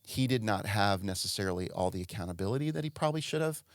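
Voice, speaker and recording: Lower-voiced guy on a podcast, reflective and measured, super dry sound. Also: expressive, no echo. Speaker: podcast guest. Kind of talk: casual podcast chat.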